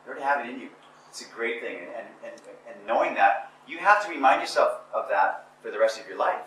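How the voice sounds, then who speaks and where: A man's voice: mid-range voice, lively intonation, quick pace, fairly bright tone, a little hiss or hum. A man giving a motivational seminar talk to an audience, emphatic and repetitive, with stammering restarts. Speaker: speaker addressing a seminar audience. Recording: echoey room from far off.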